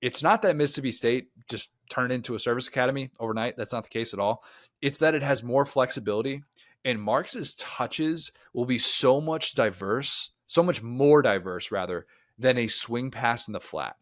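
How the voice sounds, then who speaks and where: Guy cohosting a sports podcast, mid pitch, dry close sound, goes off on tangents. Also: normal speed, a bit bright, no room sound. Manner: rambling, talks himself into tangents. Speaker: co-host. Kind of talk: casual sports podcast chat.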